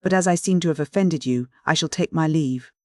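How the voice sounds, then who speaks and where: Male narrator as a wry young gentleman, measured, a little biting, dry sound. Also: fairly high pitch, dry recording, close to an everyday voice. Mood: restrained. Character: dignified young gentleman, wry and easily piqued.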